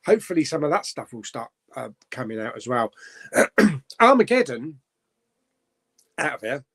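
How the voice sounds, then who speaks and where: A man's voice: mid-range voice, sing-song, normal speed, slightly rough. A middle-aged man hosting a casual live stream, chatting about films and reading out viewer comments, rambling with fillers and chuckling often.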